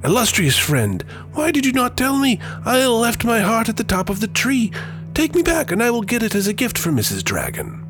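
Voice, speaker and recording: A man voicing a small, clever male monkey who pleads in a shrill, panicked voice. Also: huge pitch swings, normal speed, music in the background, full character voice. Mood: alarmed.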